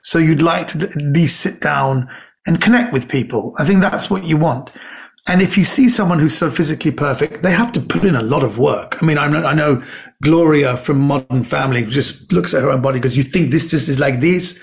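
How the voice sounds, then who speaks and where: A man, a comedian and actor, telling animated anecdotes as a podcast guest, often repeating words. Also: fairly high pitch, a little fast, gravelly. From Britain. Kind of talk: casual storytelling chat.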